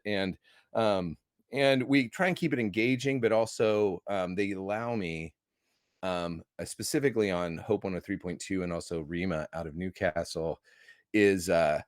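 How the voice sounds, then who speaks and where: A man's voice: fairly low pitch, normal speed, dry recording, clean studio sound. An American man, a movie critic, talking as a guest in a casual interview, enthusiastic and rambling with restarts. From United States.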